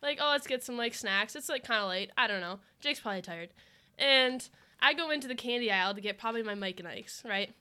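Bright young woman, laughing podcast guest. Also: fairly high pitch, lively intonation, fast talker, smooth. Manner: laughing storyteller, indecisive. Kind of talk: casual podcast chat.

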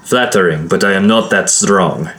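A man's voice: low voice, moderate pace, a bit bright. A man voicing a polite, modest winged man who answers drily in a fantasy audiobook. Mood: dry.

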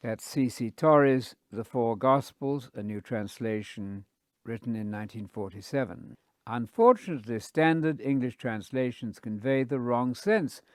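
A man giving a measured, scholarly lecture on scripture, quoting his sources carefully. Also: medium pitch, a little mellow, dry recording, clean studio sound. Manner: deliberate, quotes sources carefully. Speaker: Bible teacher.

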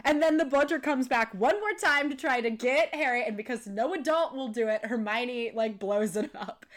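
A young woman co-hosts a podcast in easygoing chat. She laughs often and slips into playful voices when quoting characters. Her voice sits a little high. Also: moderate pace. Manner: giggly, animated, quotes characters in playful voices. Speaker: podcast co-host. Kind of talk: casual chat.

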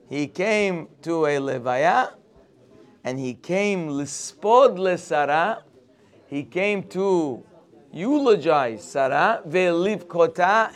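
Man, religious teacher, high voice, slow deliberate pace, expressive storytelling. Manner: expressive storytelling, mixes Hebrew quotes with English. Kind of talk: daily morning Torah class.

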